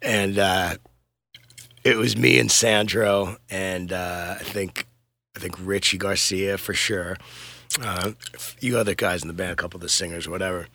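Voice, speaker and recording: A man's voice: sits low, steady tone, normal speed, sharp tone, no room sound. A middle-aged man, a touring musician, chatting casually in a podcast interview, rambling and laid-back, swearing and laughing often.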